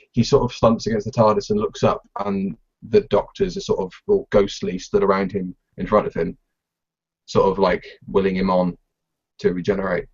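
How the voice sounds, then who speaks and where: Low-voiced, halting man co-hosting a podcast. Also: husky, muffled recording. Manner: halting, many fillers and restarts, playful. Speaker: podcast co-host. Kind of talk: casual live podcast chat.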